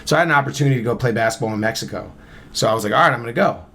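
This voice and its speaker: A man's voice: medium pitch, racing, fairly bright tone. A man in his thirties from Camden, New Jersey, a podcast guest casually telling a long story and acting out both sides of the conversation. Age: 30s.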